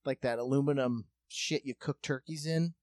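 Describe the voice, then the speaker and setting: A man's voice: mid-range voice, normal speed, dry recording. A man telling a long story in casual comedic chat, swearing freely and acting out what others said. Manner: profane, animated, acts out quotes.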